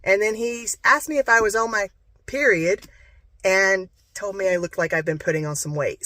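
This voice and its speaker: A woman's voice: mid-range voice, moderate pace, pushed and bright, dry recording. Candid young woman vlogging, dry sound. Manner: rambling, candid, confessional storytelling. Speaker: travel vlogger. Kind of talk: candid personal vlog. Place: living in a camper van.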